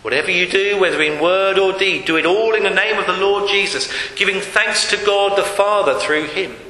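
Male preacher, high and sharp voice, emphatic, repetitive sermon delivery, long hall reverb. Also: moderate pace. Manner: emphatic, repeating phrases, dropping to hushed tones. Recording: echoey hall with faint hiss.

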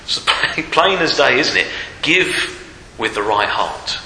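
A male preacher giving a Sunday sermon, asking rhetorical tag questions and pausing on fillers, in a church hall with a long reverb. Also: mid-range voice, animated, sharp tone. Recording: roomy hall reverb, faint noise.

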